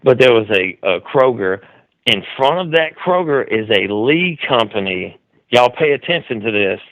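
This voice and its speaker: A man's voice: medium pitch, lively intonation, normal speed, no echo, lo-fi sound. A man hosting a call-in show, telling a story loosely, with lots of restarts and "dude". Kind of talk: casual rambling commentary. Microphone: studio mic with mixer.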